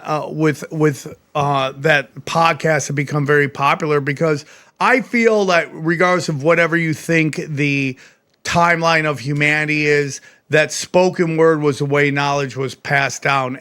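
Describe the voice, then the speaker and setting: A man's voice: fairly high pitch, sharp tone, dry recording. A man hosting a podcast in casual chat, asking his guests loose questions with frequent restarts. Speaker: podcast host.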